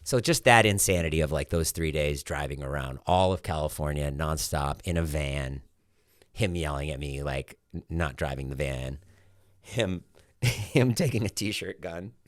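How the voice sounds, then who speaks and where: A man's voice: a bass voice, a little slow, no room sound, clean studio sound. A man in his forties, a podcast guest telling stories in casual chat and acting out what others said. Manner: animated storyteller, acts out quotes loudly.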